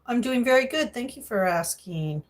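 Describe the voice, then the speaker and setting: A woman's voice: fairly high pitch, animated, moderate pace, noisy background. A middle-aged woman livestreaming from her home kitchen, chatting loosely as she cooks. She greets viewers by name and drifts into rambling asides, her talk casual and unscripted. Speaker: cooking livestreamer. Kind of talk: casual livestream chat while cooking.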